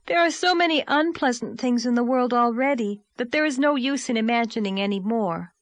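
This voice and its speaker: A woman voicing an earnest, gently firm young woman in a storybook reading. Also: a little high, brisk, no echo, pitched above the performer's own voice, natural voice. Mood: pleading. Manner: earnest, emphatic.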